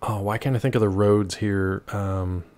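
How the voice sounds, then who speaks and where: A male livestream host chatting casually from home, playful and animated, jumping between high and low pitch. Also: moderate pace. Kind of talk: casual chat while gaming.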